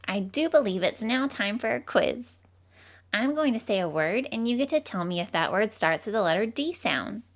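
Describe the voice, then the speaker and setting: A bubbly cartoon teacher, voiced by a woman, who leads little ones through letter sounds. Her voice sits at an ordinary middle pitch for a woman. She is sing-song and encouraging, and every bit of praise comes out bright and upbeat. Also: animated, normal speed. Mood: cheerful. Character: cheerful Southern female cartoon phonics teacher. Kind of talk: children's phonics lesson.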